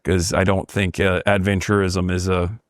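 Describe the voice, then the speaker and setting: A man who grew up in Turkey, talking as a podcast guest in a measured, thoughtful way. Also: sits low, flat delivery, dry recording, studio quality. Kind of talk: casual conversation.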